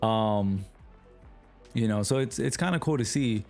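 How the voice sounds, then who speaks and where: A man with a New York accent chatting casually to his livestream chat while gaming, relaxed and slangy. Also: on the low side, unhurried, faint music behind. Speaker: streamer.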